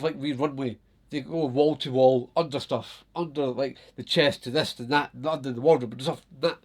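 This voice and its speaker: A man from Scotland with a Scottish accent, telling stories casually to his viewers, animated, laughing often and swearing freely. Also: mid-range voice, moderate pace. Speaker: vlogger. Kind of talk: casual storytelling to camera.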